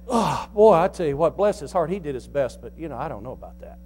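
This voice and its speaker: Man, pastor, sermon, high voice, folksy, joking asides, quizzing the pews. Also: very animated, a little mellow, faint music behind. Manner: folksy and joking, quizzing the congregation, slow stressed lines.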